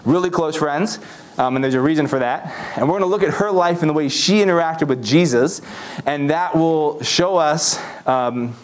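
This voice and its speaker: A man preaching a casual first-person sermon as a youth pastor, storytelling with plenty of fillers. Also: on the high side. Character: the disciple Andrew telling a story.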